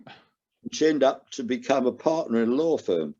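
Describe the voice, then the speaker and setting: An older man, a recovering gambler, tells his own story candidly as a podcast guest, his earnest, emotional delivery rising sharply whenever he stresses a point. His voice is medium-pitched and warm, with lively intonation and a moderate pace. The recording sounds dull and lo-fi.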